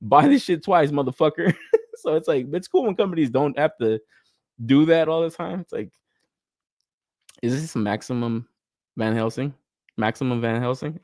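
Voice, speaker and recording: A man's voice: mid-range voice, no echo, studio quality. A young man hosting a collector podcast in casual chat, swearing freely, laughing often and getting worked up as he tells stories and reads chat messages. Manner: profane, laughs often, excitable storytelling. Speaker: podcast host reading live chat.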